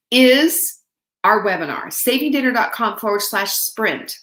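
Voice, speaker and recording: A chatty middle-aged woman talks to her viewers on a live stream, greeting them one by one by name. Her pitch sits in a middle range, and the room behind her echoes. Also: big pitch swings, takes it slowly. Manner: chatty, warm-hearted, greets viewers by name, laughs often. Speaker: livestream host.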